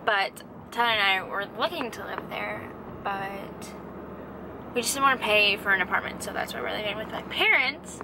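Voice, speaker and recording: A woman's voice: medium pitch, moderate pace, noisy background. A young woman vlogging in a casual, rambling, self-deprecating way, sounding tired and drained. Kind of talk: casual vlog chat. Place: car and home.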